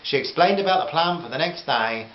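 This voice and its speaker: A man reads his own novel in a relaxed voice, pausing for friendly asides to his listeners. The recording is roomy and a little dull, with a soft hiss underneath. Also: a little high. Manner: gentle, chatty asides to listeners. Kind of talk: audiobook narration with character voices.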